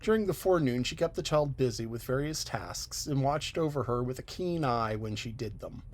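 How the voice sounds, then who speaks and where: A male audiobook narrator reading a classic novel in a measured, even storytelling manner. His voice sits at an ordinary mid pitch for a man.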